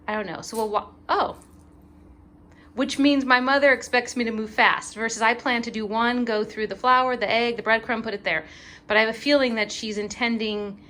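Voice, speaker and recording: A chatty woman with a bright, fairly high voice talks through a home cooking session, rambling with fillers. Faint background noise sits under her voice. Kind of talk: casual cooking vlog chat. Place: kitchen, then outdoor backyard kitchen.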